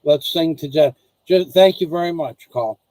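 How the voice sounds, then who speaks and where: A man from the United States with a fairly high voice hosts a loose, chatty vlog. He circles back and restarts his sentences, slipping into little acted-out exchanges. The sound is dry and close. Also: normal speed, dark tone, dry recording, low-quality recording. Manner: repetitive, restarts sentences, acts out dialogue. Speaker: vlog host. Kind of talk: casual rambling rant to viewers and wife.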